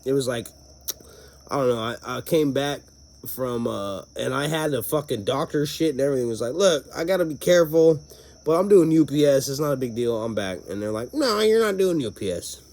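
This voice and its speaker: A man's voice: mid-range voice, animated, a little fast, darkish tone. Playful profane podcast host, man. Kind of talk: casual chat.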